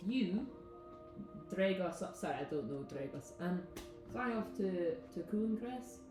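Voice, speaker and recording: A woman's voice: lowish voice, expressive, a little slow. Chatty woman at a tabletop game. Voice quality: chatty, rambling plans. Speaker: player. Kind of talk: casual tabletop game talk. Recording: roomy sound with background music.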